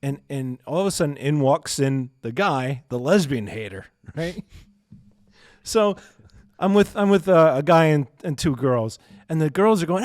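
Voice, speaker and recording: A man's voice: on the high side, animated, normal speed, no room sound, studio quality. A man co-hosting a podcast, telling a story in casual chat with many fillers and frequent laughs. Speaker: podcast co-host.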